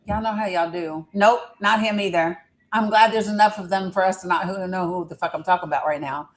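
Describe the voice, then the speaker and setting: A woman's voice: fairly low pitch, brisk, slight background noise, low-quality recording. A woman chatting casually on a live stream, rambling through a story and teasing her viewers.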